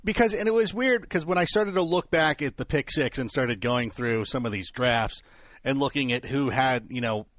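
A man's voice: medium pitch, moderate pace, a bit bright, dry recording. A man co-hosting a sports talk show in a studio, chatty and thinking his point through aloud. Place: broadcast studio.

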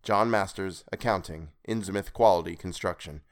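A man narrating a weird tale in a measured, expressive reading. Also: low voice, clean tone. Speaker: podcast reader. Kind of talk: scripted story narration.

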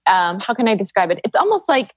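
A woman's voice: mid-range voice, big pitch swings, fast talker, husky. A woman guest on a podcast, talking earnestly and reflectively about energy and feeling safe. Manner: earnest, reflective, spiritual wording. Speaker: podcast guest, Reiki practitioner. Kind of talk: casual podcast conversation.

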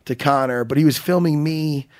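A man co-hosting a radio talk show, telling animated stories in casual chat and swearing freely. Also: a little high, moderate pace. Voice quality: excitable, swearing, animated storyteller.

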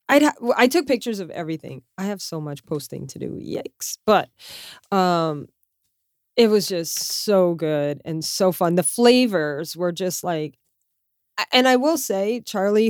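A woman chatting casually about a trip, telling stories in a lively, animated way. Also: on the low side, smooth, dry recording, clean studio sound. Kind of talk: casual travel chat.

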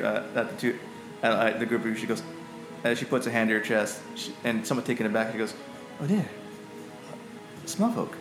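A man narrates a tabletop game as its game master, pausing often with fillers. His voice sits fairly low and echoes in the room. Faint music plays behind him. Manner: halting, many fillers.

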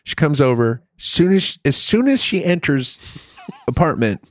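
A middle-aged man telling a story in casual chat, crude and profane with an animated, rambling delivery. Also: fairly high pitch, unhurried, dry recording.

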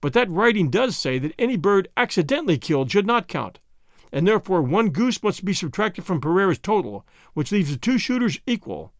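A man's voice: high-pitched, big pitch swings, a little fast, dry recording, clean studio sound. A man reading the part of a stern, upright Boer commandant who speaks with commanding indignation. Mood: judicial.

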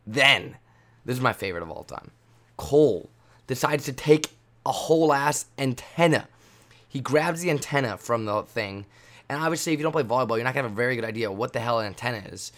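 A man's voice: medium pitch, expressive, fairly quick, a bit bright. A young man hosts a laid-back podcast and tells long, wandering stories. He swears often and teases the people around him. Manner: rambling, swears freely, teasing. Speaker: podcast host. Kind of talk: casual podcast storytelling.

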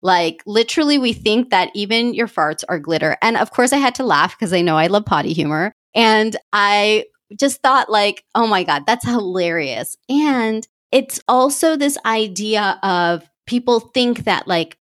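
A woman's voice: medium pitch, unhurried, hardly any pauses, no echo, clean studio sound. A woman hosting a podcast, talking candidly and animatedly about her own feelings in a reflective monologue. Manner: candid, animated, self-revealing. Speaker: podcast host.

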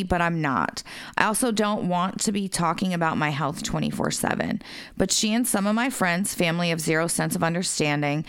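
Smooth-voiced woman reading letters. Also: lowish voice, no room sound. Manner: laughing, swears freely. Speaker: podcast co-host reading listener messages. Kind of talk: casual podcast chat, reading letters aloud.

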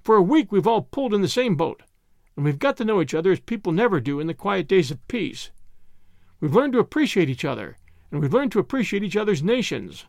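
A man voicing an excited, talkative British gentleman who proposes toasts in a hearty, rambling way. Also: sits high, moderate pace, dry recording, studio quality.

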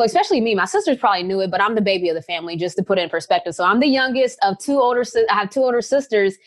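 A woman in her thirties from West Virginia, a basketball player answering interview questions in a chatty, upbeat, animated way. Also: medium pitch, no room sound. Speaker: pro basketball player guest.

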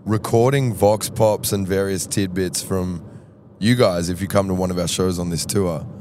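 Aussie guy, lowish voice, chatty podcast storytelling, does voices, bit of bus hum behind. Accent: Australian. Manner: animated, acts out voices in anecdotes. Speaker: podcast co-host. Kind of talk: casual storytelling chat. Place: tour bus.

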